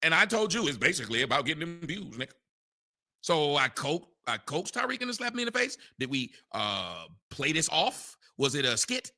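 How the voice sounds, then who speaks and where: A man hosting an online audio chat, ranting loudly in a mocking, incredulous way. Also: fairly high pitch, sing-song, a little fast. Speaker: show host. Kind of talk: heated online audio rant.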